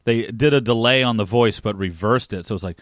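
A man's voice: fairly low pitch, no room sound, clean studio sound. A man co-hosting a podcast, chiming in with casual asides while they recap a TV episode. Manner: chatty, chimes in with quick asides. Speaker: podcast co-host.

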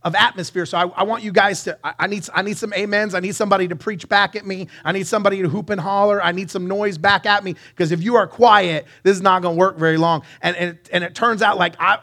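A pastor preaching a live sermon in church, lively and joking with his congregation. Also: sits high. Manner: lively, banters with the congregation and sings song snippets. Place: church sanctuary.

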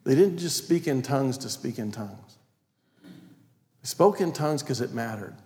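A man preaching a sermon as pastor, reading scripture aloud and stressing key words, sometimes dropping to a quiet, prayerful tone. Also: mid-range voice, animated, normal speed. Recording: long reverb of a large hall.

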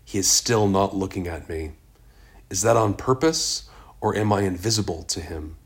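A man narrating a first-person story in a measured, even reading. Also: sits low. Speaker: audiobook narrator.

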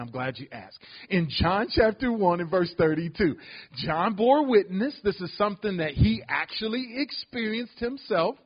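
A man's voice: high-pitched, husky, lo-fi sound. A man preaching a sermon as pastor, calling out to the congregation as he teaches. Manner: preaching with call-outs to the congregation.

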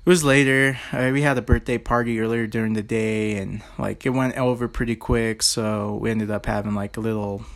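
A man's voice: fairly low pitch, fairly even intonation, brisk, few pauses. A man telling a childhood story to his viewers in a rambling, casual way, full of "like" and fillers. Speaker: vlogger.

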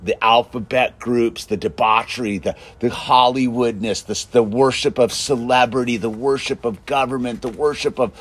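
A man ranting in a casual monologue, emphatic and constantly saying "dude", swinging between loud bursts and low mutters. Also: steady tone, normal speed, few pauses, breathy edge. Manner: emphatic, peppers speech with "dude". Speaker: show host.

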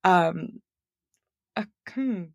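A woman's voice: fairly low pitch, lively intonation, extremely slow, vocal fry, darkish tone, no echo, studio quality. A woman from Montreal who works in voice acting, a podcast guest chatting casually and self-deprecatingly on her laptop mic. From Montreal, Canada. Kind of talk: casual chat. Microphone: laptop built-in mic.

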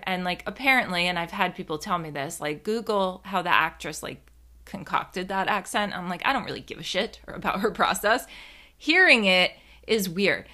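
A woman's voice: medium pitch, pushed and bright. A young woman from New Jersey telling a rambling, casual story in a chatty, profane way, full of fillers.

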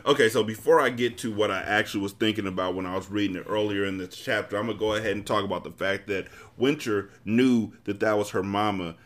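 Podcast host reading an urban novel, lowish male voice, casual and blunt. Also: fast, hardly any pauses. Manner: casual, blunt, profane commentary. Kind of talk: reading a novel aloud and commenting.

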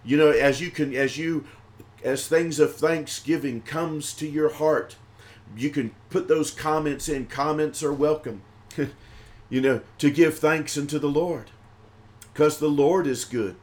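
A man preaching a livestreamed praise and thanksgiving sermon, his voice sitting a little high. He talks in rhythmic, repeated exhortations and grows louder on the lines of praise. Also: steady tone, unhurried.

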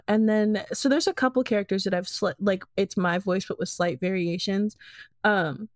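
A woman's voice: medium pitch, normal speed, dry recording, clean studio sound. A woman game master in a casual podcast chat, talking hesitantly with many fillers.

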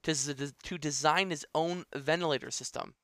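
A man's voice: on the high side, moderate pace, a bit bright, dry recording, clean studio sound. A man co-hosting a casual podcast, presenting news stories with enthusiasm and plenty of filler words. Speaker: podcast co-host.

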